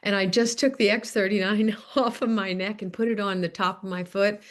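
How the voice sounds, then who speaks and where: A woman on a video call giving a quick, chatty share as a webinar participant. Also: medium pitch, steady tone.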